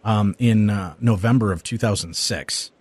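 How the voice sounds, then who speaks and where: Hombre, locutor de radio animado. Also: male voice, lowish voice, moderate pace, husky, no echo. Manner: animated storyteller, acts out quoted people. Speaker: radio host. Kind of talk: casual radio interview chat.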